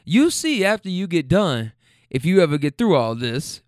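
A man voicing an elderly grandmother passenger who teases in a slow, dry drawl. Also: deep voice, very animated, a little mellow, no echo. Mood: teasing.

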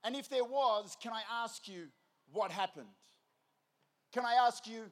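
High-voiced man preaching. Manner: energetic, conversational, rhetorical questions. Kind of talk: evangelistic sermon.

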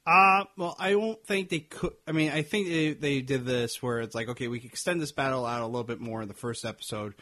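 A man co-hosting a casual review podcast, his voice at an ordinary middle pitch. He talks in a halting way, stopping and restarting with "uh" and "um" as he works out his points. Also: pushed and bright. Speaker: podcast co-host.

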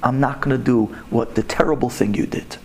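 A man plays a deeply wounded grown man, bitter and unforgiving. He speaks in a lowered, slow, measured voice, firm and steady. The tone is resolute. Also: slight background noise, close to an everyday voice.

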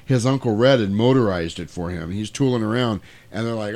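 A man's voice: on the low side, a little fast, darkish tone. A man recapping a movie in casual chat, breaking into exaggerated character voices and laughing as he goes. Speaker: podcast co-host recapping a movie.

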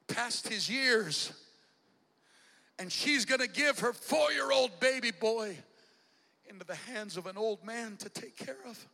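High, gravelly whooping preacher man. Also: in a large hall. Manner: dramatic, shouts with rhythmic "uh" breaths. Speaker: bishop preaching. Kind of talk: sermon with whooping cadence.

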